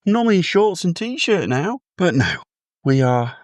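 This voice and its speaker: A man's voice: a little high, very animated, a little slow, no room sound. A British man keeping a casual, rambling video diary, chatting to his phone camera with a self-deprecating manner. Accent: British English. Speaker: vlogger.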